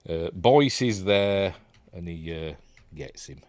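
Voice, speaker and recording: A man's voice: low-pitched, animated, slow pace, darkish tone, no echo. A Yorkshire man giving a casual, rambling scene-by-scene commentary on a film, often correcting himself and chuckling. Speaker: film reviewer.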